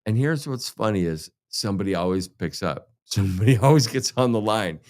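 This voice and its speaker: A man's voice: on the low side, animated, a little fast, a little mellow. A man hosting a crypto show, ranting heatedly and sarcastically with constant swearing. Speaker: crypto podcast host. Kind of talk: profane ranting monologue.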